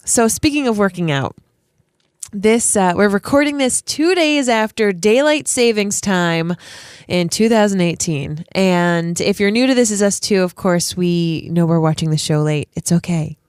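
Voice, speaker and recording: A woman in her thirties co-hosting a TV show podcast, telling a personal story in a chatty, expressive way. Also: mid-range voice, unhurried, clean tone, dry recording, studio quality. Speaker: podcast co-host. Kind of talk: casual chat and storytelling.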